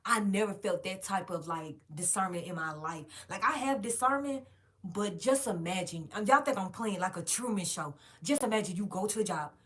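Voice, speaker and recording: A woman's voice: mid-range voice, normal speed. Profane woman ranting a story to viewers. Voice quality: frank, profane, animated storytelling. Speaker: vlogger telling a story.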